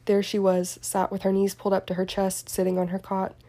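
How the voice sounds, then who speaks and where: A woman narrating a story aloud at an even, measured pace. Her voice is mellow and soft-toned, and she keeps a flat, level tune with little rise or fall. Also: medium pitch. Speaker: story reader. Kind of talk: audiobook-style reading of fan fiction.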